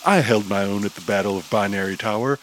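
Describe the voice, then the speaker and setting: A man's voice: lowish voice, quick pace, a bit bright, a little hiss or hum, lightly acted, low-quality recording. A man voicing a stubborn, proud young male superhero who speaks defiantly. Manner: defiant, indignant.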